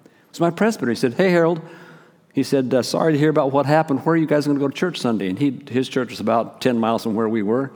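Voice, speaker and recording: A man's voice: mid-range voice, quick pace. Man preaching a story in a reverberant hall. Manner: animated storyteller, acts out quoted dialogue. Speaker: pastor. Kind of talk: storytelling sermon. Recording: long reverb of a large hall.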